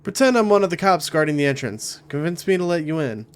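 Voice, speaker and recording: A man voicing a gruff, streetwise male vampire informant in a game, blunt and sarcastic with a gravelly voice. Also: fairly high pitch, very animated, quick pace, pitched above the performer's own voice.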